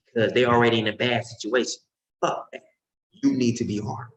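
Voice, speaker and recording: A man preaching informally and emphatically, swinging between loud outbursts and low murmurs. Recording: roomy echo.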